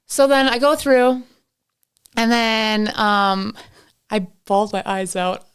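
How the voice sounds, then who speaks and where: A woman's voice: medium pitch, level tone, takes it slowly, clean tone. A woman guesting on a podcast in casual chat, telling stories full of fillers and acted-out quotes. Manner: chatty storyteller, acts out quotes, many fillers like "like".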